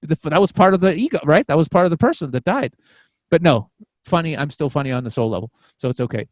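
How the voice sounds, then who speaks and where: A comedian appearing as a podcast guest tells a long personal story, his slightly high voice expressive and quick. He rambles, swears casually and keeps restarting his sentences, recorded close and dry with no room echo.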